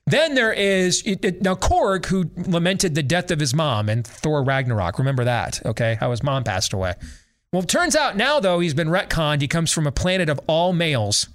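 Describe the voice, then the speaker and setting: Middle-aged guy hosting a talk show, kinda high voice, ranting sarcastically about how bad something is. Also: lively intonation, normal speed, a bit bright. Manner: sarcastic, exasperated, emphatic. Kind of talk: opinionated movie-review rant.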